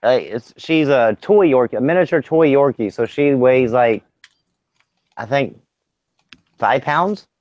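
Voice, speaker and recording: A man's voice: mid-range voice, animated, a little slow, pauses often, darkish tone, no room sound. A man chatting casually on a podcast, telling rambling, profane stories. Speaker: podcast co-host. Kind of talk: casual chat. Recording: dry, dull lo-fi sound.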